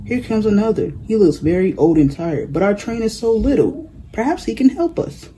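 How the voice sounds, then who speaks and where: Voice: mid-range voice, big pitch swings, normal speed, dark tone, slight background noise, lightly acted, poor audio. A reader as an eager little toy clown. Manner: eager, calling out.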